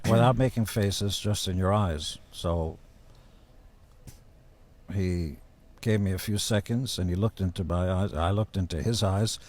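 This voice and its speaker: A man as a podcast guest telling casual stories in a blunt, profane, deadpan-boasting way. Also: sits low, measured pace. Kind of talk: casual storytelling.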